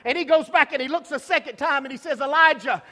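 A male preacher delivering a sermon, emphatic and repetitive, building to shouts, in a church with long reverb. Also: very high voice, steady tone, quick pace.

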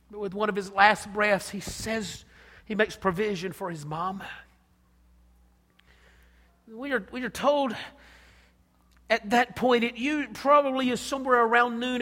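A man preaching a sermon with passion, dropping to a hush and then rising loud. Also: very high-pitched. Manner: impassioned, swinging from hushed to loud. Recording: long hall reverb.

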